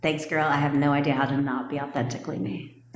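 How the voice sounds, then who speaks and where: A woman's voice: low-pitched, steady tone, quick pace, slight background noise. A woman coaching viewers in a casual livestream, blunt and profane and often laughing. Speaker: manifestation coach. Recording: echoey room with long reverb.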